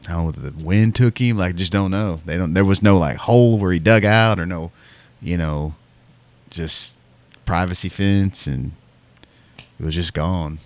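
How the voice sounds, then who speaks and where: A man with a very low voice tells a story in a loose, casual way. He rambles with plenty of fillers and false starts, circling back before he gets to the point, like a co-host chatting on a podcast. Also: normal speed, darkish tone. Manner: rambling, lots of fillers and restarts.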